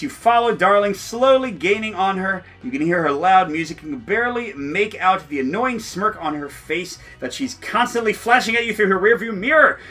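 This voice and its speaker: A man's voice: a little high, pushed and bright, slightly rough. A man playing through a solo board game, reading the story text aloud and joking between rolls, often laughing.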